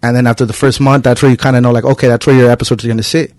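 A man's voice: mid-range voice, little pitch movement, very fast, a little mellow, dry recording. A man hosting a podcast in a loose, casual chat, rambling with lots of filler words. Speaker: podcast host. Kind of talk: casual conversational interview.

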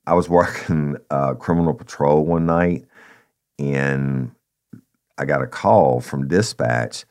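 A man's voice: extremely low pitch, takes it slowly, a little mellow. A man, a former police officer telling a story casually, calling listeners "y'all" and swearing freely.

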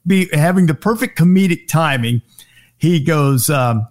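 A middle-aged man telling sports TV anecdotes in casual chat, acting out quoted lines in a raised voice. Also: unhurried. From Alabama. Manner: animated anecdotes, acts out quotes in high voices. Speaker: guest, sports TV host. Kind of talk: casual storytelling.

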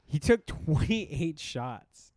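A man's voice: on the high side, very animated, drawn-out words, a little mellow, no room sound. A man co-hosting a podcast, running through game stats with wry asides in casual chat. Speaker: podcast co-host.

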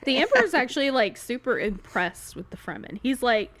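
A woman's voice: on the high side, sing-song, brisk, a bit bright, no room sound. A woman chatting casually about a book, telling the story in an amused way and laughing often. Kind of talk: casual book discussion chat.

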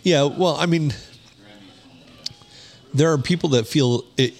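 A man's voice: fairly high pitch, slow pace, a little mellow. A man with a Michigan accent, co-hosting a podcast in blunt, matter-of-fact casual chat. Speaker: podcast co-host.

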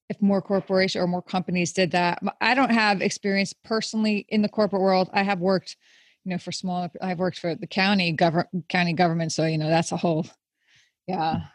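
Woman host, mid-pitch, dry sound, rambly casual chat. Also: dry recording. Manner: rambling, with many fillers and restarts. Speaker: interview host.

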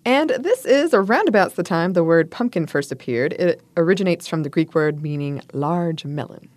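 Chatty low-voiced woman co-host. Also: expressive, normal speed, a little mellow, dry recording. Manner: chatty, laughs often, playful asides. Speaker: podcast co-host. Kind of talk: casual chat, reading food history notes.

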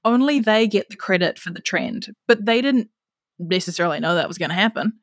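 A woman's voice: mid-range voice, animated, a little fast, no echo, studio quality. A young woman guest in a casual talk about marketing. She explains her points thoughtfully, often restarting her sentences. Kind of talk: casual chat.

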